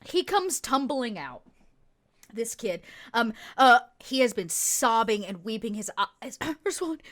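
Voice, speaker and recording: A woman's voice: fairly high pitch, big pitch swings, a little slow, a bit bright. A woman running a tabletop game as game master, narrating casually with many fillers and restarts.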